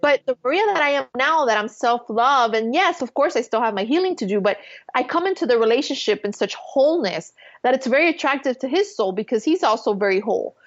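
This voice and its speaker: A woman's voice: high voice, lively intonation, fairly quick, highs cut off. A woman guest on a podcast, telling a spiritual personal story in an earnest, emotional way, full of fillers. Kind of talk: casual interview storytelling.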